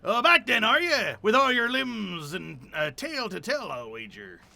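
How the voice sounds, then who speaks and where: A man voicing a hearty, rough-spoken middle-aged guildmaster with a put-on rough working-class English accent, gruff and salty. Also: sits high, sing-song, a little slow, bright, forceful tone, dry recording, pitched above the performer's own voice, exaggerated voice. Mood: bluff, hearty. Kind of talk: game dialogue read aloud in voices.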